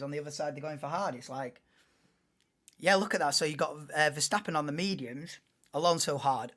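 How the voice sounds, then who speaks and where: A man's voice: fairly high pitch, a bit bright. A man hosting a live race watchalong, talking casually and rambling with many fillers and restarts. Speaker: livestream host.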